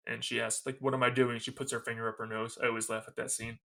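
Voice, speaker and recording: A man's voice: mid-range voice, flat delivery, brisk, gravelly, pushed and bright. A man co-hosting a podcast, recapping a movie scene in casual chat, quoting its lines and laughing often. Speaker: podcast co-host.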